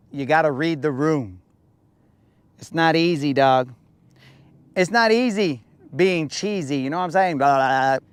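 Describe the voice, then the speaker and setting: Animated, slangy man, slightly high voice. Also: clean tone, no room sound. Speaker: podcast host. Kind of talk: casual chat. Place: boat on a lake.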